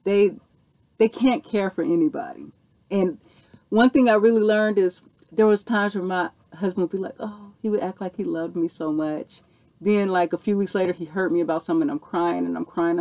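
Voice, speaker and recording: A woman's voice: mid-range voice, mellow. A woman, telling a personal story and answering viewer questions in a casual, earnest way, often saying "okay" and "you know". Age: 40s. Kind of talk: casual Q&A monologue.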